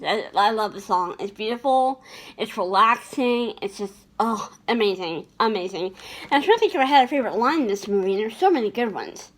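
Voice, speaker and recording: A woman's voice: medium pitch, expressive, a little fast. A woman chatting casually about her favorite movies, laughing often and restarting her sentences. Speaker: vlogger.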